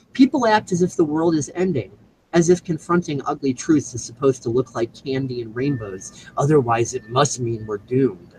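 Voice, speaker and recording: A man's voice: on the high side, darkish tone, slight background noise, poor audio. A man hosting a show, delivering an emphatic, preachy scripted monologue with casual profanity. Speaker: show host.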